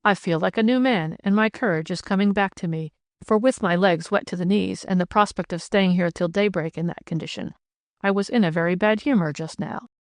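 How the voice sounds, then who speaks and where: A woman's voice: mid-range voice, a little fast, dry recording, studio quality, close to an everyday voice. A woman reading the part of a sturdy, good-humored widowed ploughman in an audiobook, sounding hearty and earnest.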